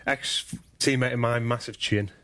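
A man, once a professional footballer, trades banter on a podcast panel. He fires off short quiz clues in a mid-pitched voice and chuckles between them. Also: steady tone, measured pace, pushed and bright, a little hiss or hum. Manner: clue-giving, chuckling, banter. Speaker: former footballer pundit. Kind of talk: casual panel chat.

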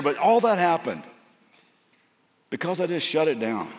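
Man, guest preacher, conversational storytelling sermon, earnest, big church hall, long reverb. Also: mid-range voice.

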